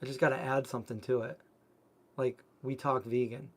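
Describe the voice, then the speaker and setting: A man's voice: mid-range voice, fairly even intonation, moderate pace. Rambling man chatting on a live stream. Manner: rambling storytelling full of filler words. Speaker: vegan cooking channel host. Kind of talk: casual livestream chat answering viewer comments.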